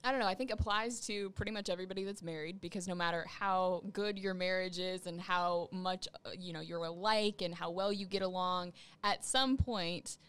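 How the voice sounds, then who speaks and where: A woman co-hosting a faith-based podcast, teasing her co-host and speaking in a lively, animated way. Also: fairly low pitch, moderate pace, hardly any pauses, clear, resonant tone, no echo. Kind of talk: casual chat.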